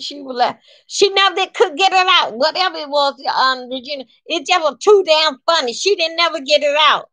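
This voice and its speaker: Animated woman telling a story. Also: sits high, fairly quick, few pauses, no echo. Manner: animated and emphatic, colloquial, acts out quoted lines. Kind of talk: casual spoken storytime.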